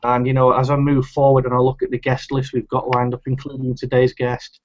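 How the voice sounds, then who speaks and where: Man from the UK, co-host, measured, reflective, monotone, muffled lo-fi audio. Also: mid-range voice, a little hiss or hum. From United Kingdom. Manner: measured, reflective, some fillers. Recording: dull lo-fi audio.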